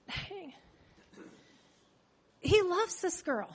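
A woman with a high voice and a cold, preaching in a relaxed, conversational way. She tells the story with humor and frequent chatty asides to her listeners. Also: takes it slowly, pauses often. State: has a cold. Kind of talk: conversational sermon.

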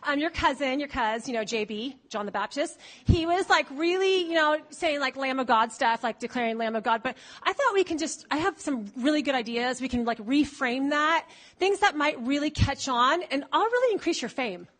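A woman's voice: high-pitched, animated, moderate pace, fairly bright tone. A woman preacher acting out an overeager male would-be disciple who gushes breathlessly and turns whiny when things disappoint him. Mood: gushing.

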